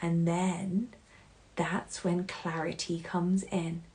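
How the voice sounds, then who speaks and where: A woman hosting a solo podcast, talking in an earnest, heartfelt way that swings between loud and hushed. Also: fairly low pitch, little pitch movement, slow. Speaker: podcast host.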